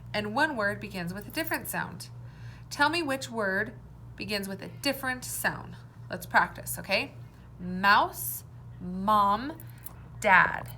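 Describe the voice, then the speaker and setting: A woman teacher giving a recorded phonics lesson for young children, sounding out words slowly and clearly, letter by letter. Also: on the high side, bright, forceful tone, a little hiss or hum.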